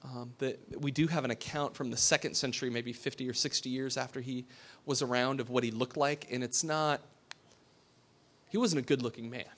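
A pastor giving a sermon. He talks in a conversational way, asks his listeners questions and drops to a hush for emphasis. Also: medium pitch, fairly even intonation, fairly quick.

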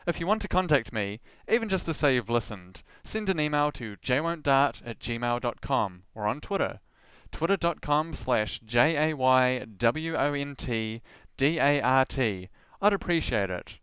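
A man's voice: mid-range voice, lively intonation, unhurried, fairly bright tone, clean tone, dry recording. A man hosting his own podcast, reading a scripted narration in an earnest tone with dry, wry asides. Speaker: podcast host.

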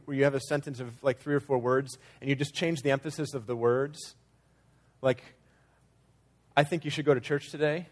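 A man preaching a sermon in a conversational way, sometimes acting out quoted lines with changing emphasis. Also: on the high side. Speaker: pastor.

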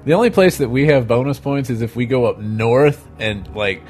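A man's voice: medium pitch, moderate pace, music in the background. A man co-hosting a casual podcast, rambling with crude humor. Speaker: podcast co-host. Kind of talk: casual chat.

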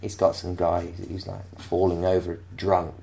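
A man's voice: low voice, completely flat delivery, a little slow, creaky, dark tone, a little hiss or hum. A man from England telling a rambling anecdote in casual chat, often restarting and laughing. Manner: rambling, self-interrupting, laughing storyteller.

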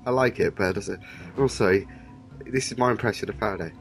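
A man with a lowish voice chats casually about a TV show. He talks animatedly, jumping into quick impressions of characters, with faint music playing behind him.

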